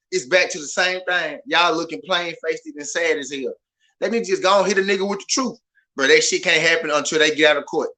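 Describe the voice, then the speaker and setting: Loud, ranting man with a bright, high voice. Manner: loud, passionate, profane, repetitive. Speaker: boxing podcast host. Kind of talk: animated ranting commentary.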